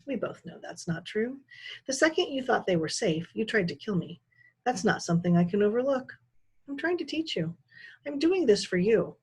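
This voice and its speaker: A cold, controlling villain speaks in a calm, condescending tone, as a woman reading a storybook puts him on. The voice is somewhat husky. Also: fairly high pitch, normal speed, voice pushed up, heavily acted, low-quality recording. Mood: coldly calm.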